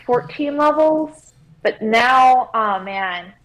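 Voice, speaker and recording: A woman with a fairly high voice chats on a gaming podcast. She talks haltingly and fills her sentences with filler words. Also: lively intonation, fairly bright tone, rough recording. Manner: hesitant, constant filler words. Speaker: podcast co-host. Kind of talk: casual chat about video games.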